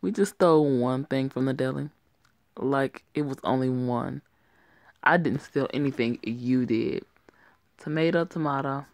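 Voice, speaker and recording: A woman's voice: extremely low pitch, a little slow, darkish tone, no echo. A young woman who reads and voices every part of a homemade story drama herself, often giggling as she goes. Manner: giggles often while reading, playful. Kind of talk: amateur story voice acting, playing all parts.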